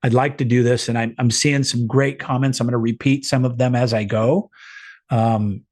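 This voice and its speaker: A man's voice: mid-range voice, steady tone, normal speed, darkish tone. A middle-aged man leading a group video call, giving an earnest, encouraging motivational talk with frequent restarts.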